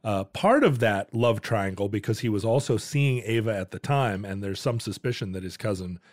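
Male co-host, mid pitch, dead-dry close recording. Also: lively intonation, moderate pace, dry recording. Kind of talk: casual comedic chat.

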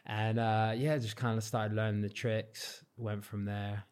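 A young man from Cornwall chatting casually as an interview guest, relaxed and modest, with lots of "like" and "um". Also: on the low side, a little slow, clear, resonant tone. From Cornwall, England. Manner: relaxed, modest, many fillers like "like" and "um". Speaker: guest, freestyle football champion.

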